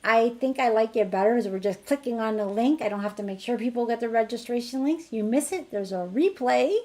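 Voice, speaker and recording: A middle-aged woman teaching an energy healing technique in a chatty online class, her voice rising brightly when she acts out what she tells others. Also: fairly high pitch, brisk. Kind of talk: casual online teaching demonstration.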